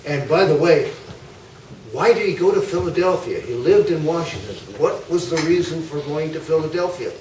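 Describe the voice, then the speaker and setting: An older man giving an informal, anecdotal history talk to a club audience, pausing often with fillers and asides. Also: on the high side, expressive, darkish tone. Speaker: guest speaker. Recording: echoey hall, mic far off, faint noise.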